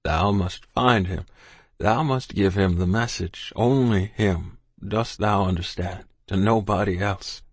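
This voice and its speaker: A man reading as a frail old man on his deathbed, who pushes out slow, urgent words in a hoarse, breathy whisper. The voice sits low and sounds close and dry, with no room around it. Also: no room sound, full character voice. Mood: weak, urgent. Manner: slow, insistent, old-fashioned thee and thou speech. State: gasping, near death. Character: dying older Quaker man, weak, urgent. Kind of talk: audiobook character voice.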